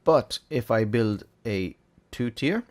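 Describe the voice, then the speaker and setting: A man hosting a relaxed, chatty game tutorial, thinking aloud as he plays. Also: mid-range voice, slow. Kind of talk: casual gameplay tutorial.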